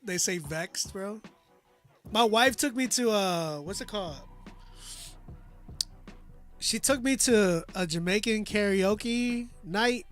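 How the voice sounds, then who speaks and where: A man's voice: sits high, slow, pauses often, fairly bright tone, soft background music. A man reviewing listeners' songs live on a stream. He talks in a loose, slangy way, laughs often and trails off with "like". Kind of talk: casual live-stream chat.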